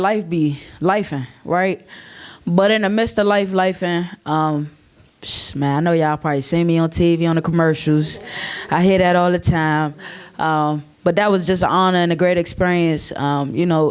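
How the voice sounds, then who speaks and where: Man, high voice, clear and smooth, casual stage talk, heartfelt. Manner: loose, laughing, slangy and heartfelt. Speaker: panelist and community youth worker. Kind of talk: casual speech to a live audience. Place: stage before an audience.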